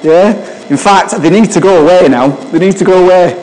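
A man's voice: sits high, a little fast, darkish tone, faint music behind. A man preaching an informal sermon, chatty and often asking the listeners questions. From England. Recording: long hall reverb.

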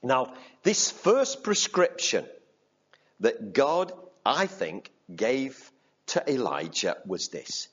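A man's voice: medium pitch, sing-song, takes it slowly, breathy edge, muffled recording. A man preaching a sermon, reading scripture aloud and repeating key phrases for emphasis in a conversational way.

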